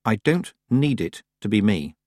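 A man voicing a frightened but defiant young girl apprentice witch, high and indignant. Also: very animated, measured pace, dark tone, dry recording, studio quality. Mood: shaky. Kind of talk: audiobook character voice.

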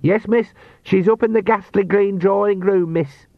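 A man voicing a timid young male footman who speaks slowly and deferentially. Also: high voice, steady tone, no room sound, pitched above the performer's own voice. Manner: slow, deferential. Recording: dull, dry audiobook recording.

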